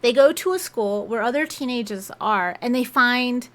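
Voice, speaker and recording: Young woman, kinda high voice, rambling through a book plot all casual, and-and-like style. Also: moderate pace, a bit bright. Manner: chatty, strings clauses with "and" and "like". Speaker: book reviewer.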